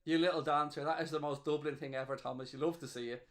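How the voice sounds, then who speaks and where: High-pitched guy hosting a footy watchalong, hyped and cheering, reads the chat out. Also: fast talker. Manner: excitable, cheering and gloating, reading chat aloud. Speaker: watchalong host. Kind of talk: live match watchalong commentary.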